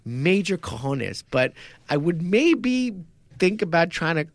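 A man on a podcast, chatting casually about martial arts fights, animated and quick to laugh as he acts out his own reactions. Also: a little high, no room sound. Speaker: podcast co-host. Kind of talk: casual sports chat.

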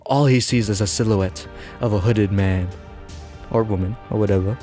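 A man's voice: lowish voice, moderate pace, warm tone, soft background music. Rambling giggly male podcast host. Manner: rambling, giggly, self-interrupting. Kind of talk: improvised comic storytelling.

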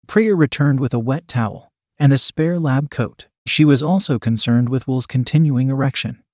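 A man reading a story aloud as a narrator, in an even, unhurried storytelling manner. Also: medium pitch, no echo, studio quality. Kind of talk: scripted audiobook narration.

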